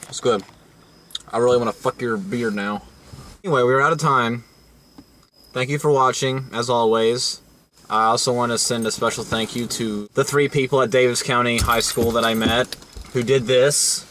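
A man hosts a loose, jokey vlog in a bright, clear voice. He rambles, restarts his sentences and piles on crude jokes. His pitch sits at an ordinary middle level. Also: steady tone, normal speed, slight background noise. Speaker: vlog host. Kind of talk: casual crude joking chat.

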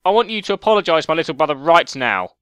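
A man's voice: a little high, big pitch swings, racing, sharp tone, clean tone, no room sound. A man putting on a posh British voice as a fussy, indignant older brother over voice chat. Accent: put-on posh British. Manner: fussy, indignant, overly polite.

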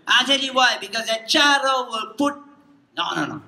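A man's voice: very high-pitched, lively intonation, moderate pace, gravelly. A man with a Durban South African Indian accent doing stand-up at a party, teasing the crowd and laughing between jokes. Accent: South African Indian English, Durban. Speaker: stand-up comedian. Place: party hall. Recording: echoey hall with loud noise.

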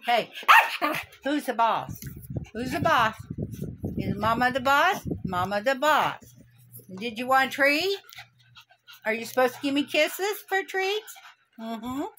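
A woman who owns dogs, talking to them in teasing, sing-song baby talk at home, with loud barking behind. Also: sits high, animated, slow, pauses often, noisy background. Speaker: dog owner.

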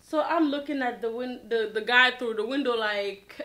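Bright-voiced woman telling a storytime. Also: a little high, moderate pace, few pauses. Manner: animated casual storytelling, many fillers. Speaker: vlogger. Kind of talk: storytime vlog.

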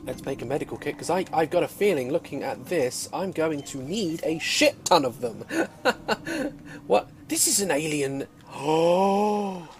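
A man hosting a let's-play, loud and excitable, swearing and taunting enemies as he plays. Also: a little high, normal speed, vocal fry, slight background noise. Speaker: gaming video host.

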